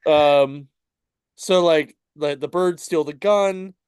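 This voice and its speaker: A man's voice: fairly high pitch, slow pace, darkish tone, clear, resonant tone, no room sound, studio quality. A man co-hosting a podcast, telling a story in casual chat that is full of fillers and chuckles. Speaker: podcast co-host at a comic shop. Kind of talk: casual chat recapping a comic book.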